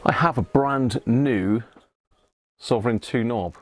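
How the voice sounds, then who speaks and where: A man's voice: medium pitch, takes it slowly, slight background noise. A man with a southern English accent hosting a casual livestream, chuckling often and answering viewers by name as he looks over old radios at his workbench. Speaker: livestream host restoring vintage radios. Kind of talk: casual live-chat commentary. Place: home workshop.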